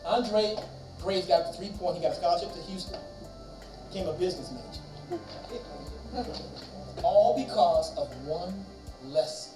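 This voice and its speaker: Animated male chapel storyteller, roomy sound. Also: high-pitched, a little slow, long pauses, over music. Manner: animated storytelling, acts out quoted voices. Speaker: chapel speaker. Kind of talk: storytelling sermon. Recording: roomy echo from distance, faint ambience.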